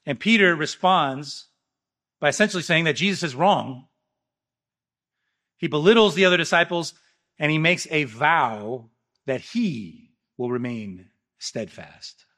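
Bright-voiced man preaching emphatically. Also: mid-range voice. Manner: emphatic preaching, swinging between loud rises and quiet drops. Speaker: pastor. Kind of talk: sermon.

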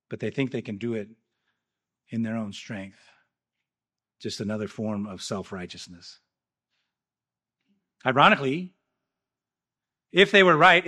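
A man with a bright, forward voice delivers a sermon as a pastor. He preaches emphatically, pushing lines up loud and letting others fall away quiet. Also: on the high side. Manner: emphatic preaching, swinging between loud rises and quiet drops.

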